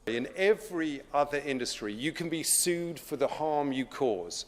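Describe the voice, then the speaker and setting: A man delivering a formal prepared speech, deliberate and emphatic, with dramatic pauses. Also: fairly high pitch, expressive, in a large hall, a little hiss or hum. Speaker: speaker.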